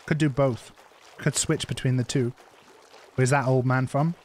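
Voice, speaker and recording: A man's voice: medium pitch, fairly even intonation, unhurried, darkish tone, slight background noise. A man streaming a survival game, chatting loosely and repeating himself as he plays. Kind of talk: live gameplay commentary.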